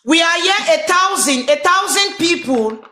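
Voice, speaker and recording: A woman's voice: very high-pitched, expressive, a little slow, sharp tone, roomy sound. A woman with a Nigerian accent hosting a live stream, flustered and pleading as she switches between English and pidgin.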